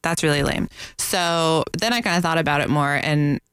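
A woman's voice: low voice, moderate pace, a bit bright, clear, resonant tone, dry recording. A woman blogger who is a guest on a radio show, talking candidly and poking fun at herself. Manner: candid, self-deprecating, giggly. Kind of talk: casual radio interview chat. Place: radio studio. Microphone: studio microphone.

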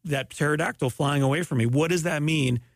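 A man hosting a casual podcast chat, pitching absurd business ideas in a deadpan way. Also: a little fast, no room sound, studio quality. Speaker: podcast host.

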